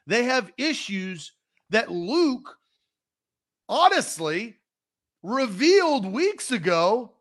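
A man's voice: very high-pitched, sing-song, very slow, long pauses, fairly bright tone. A man co-hosting a sports talk show, emphatic and heated, repeating his points. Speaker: podcast co-host.

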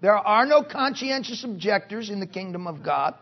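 A male pastor preaching a sermon at a conference, forceful and punctuated with joking asides. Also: high-pitched, animated, moderate pace, highs cut off. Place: conference hall.

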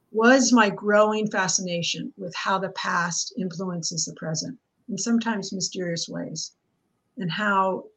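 An older woman in her seventies, an author guest in an interview, recounting her life in an earnest, steady way with a few restarts. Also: mid-range voice, breathy edge, poor audio. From United States.

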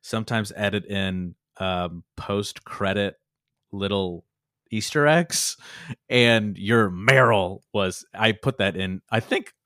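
Lowish voice guy hosting a podcast, laid back, dry mic. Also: takes it slowly, sharp tone, no echo. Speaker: podcast host. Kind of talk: casual chat.

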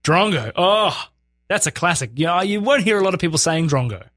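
Casual guest: Australian man, high-ish voice, dry close sound, jokey and laughing. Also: expressive, a little fast, fairly bright tone, no room sound. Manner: laughing, jokey, self-mocking. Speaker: band frontman, interview guest. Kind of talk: casual chat.

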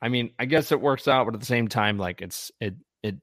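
A man's voice: medium pitch, fairly quick, fairly bright tone, dry recording, studio quality. A man chatting casually as a podcast co-host, rambling with frequent restarts and fillers. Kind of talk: casual fan chat.

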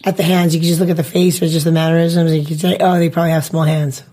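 A woman's voice: sits low, level tone, very fast, mellow, a little hiss or hum. A woman co-hosting a podcast, chatty and giggly, with lots of "like" and "um" in casual banter. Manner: chatty, filler-heavy, giggly. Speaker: podcast co-host.

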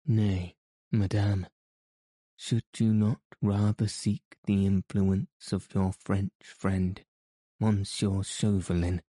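A man reading the part of a proud English nobleman, cold and gentle with a sarcastic edge. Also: low voice, flat delivery, slow pace, no echo. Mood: coldly gentle.

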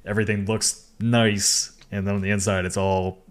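Lowish voice guy rambling about games, lots of "like", laughs a lot. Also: flat delivery, moderate pace. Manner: rambling, full of "like" and restarts, laughs often. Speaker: co-host. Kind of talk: casual podcast chat.

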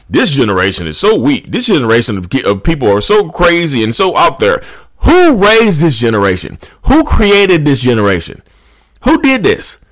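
Animated man ranting, lively pitch. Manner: animated, repetitive, emphatic. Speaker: channel host. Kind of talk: ranting monologue to camera.

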